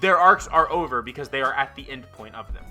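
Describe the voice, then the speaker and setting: A man's voice: mid-range voice, animated, a little fast, sharp tone, soft background music. A young man casually reviewing manga chapters, swearing a lot and talking with frequent fillers and an exasperated edge. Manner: profane, exasperated, lots of fillers.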